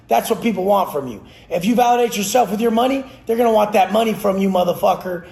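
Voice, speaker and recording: Speaking fast with few pauses, a male fitness trainer uses a high, gravelly voice with a darkish tone. His motivational rant is blunt, aggressive and preachy, packed with profanity, and the room around him echoes.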